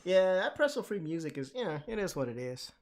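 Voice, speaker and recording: A man hosting a live stream, chatting loudly and laughing while he draws at a desk mic. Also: high voice, big pitch swings, brisk. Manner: loud, laughing, talks while drawing. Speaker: streamer host. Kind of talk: casual chat. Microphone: desk mic with gain turned up.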